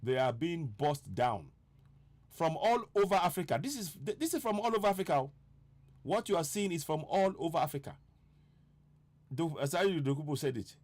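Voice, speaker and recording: Guy ranting urgently on his online broadcast, bit high voice, keeps asking are we ready. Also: animated, fairly quick, a little mellow. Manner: urgent, repeats rhetorical questions. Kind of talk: impassioned political broadcast.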